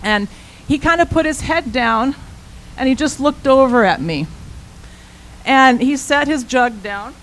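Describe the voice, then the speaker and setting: A woman, an intern minister, telling a personal story as a sermon in an animated, conversational way. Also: high-pitched, measured pace, long pauses, poor audio.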